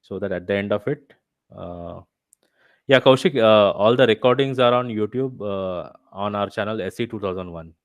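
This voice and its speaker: Low-voiced male instructor on a call. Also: normal speed, clear, resonant tone, no echo. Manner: explains step by step, checks with "right?". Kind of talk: live online revision session. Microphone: video call.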